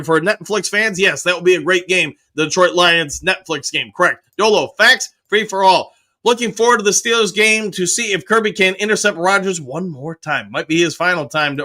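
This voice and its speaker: Bright-voiced man reading chat. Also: sits high. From United States. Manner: reads viewer comments aloud and answers briefly. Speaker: host reading live chat. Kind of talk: casual live-stream chat.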